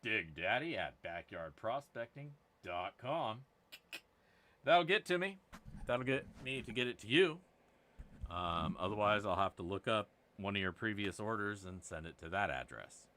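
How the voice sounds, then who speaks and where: A man's voice on the low side, very animated, pushed and bright, at a measured pace. As host of a gold prospecting giveaway livestream, he chats casually, full of crude, rambling jokes.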